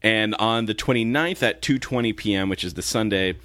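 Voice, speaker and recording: A man with a fairly low voice, still carrying his just-woken morning voice. He chats casually as a podcast co-host, relaxed and easygoing. The sound is dry and close, with little room echo. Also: a little fast. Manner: relaxed, chatty, laughs easily.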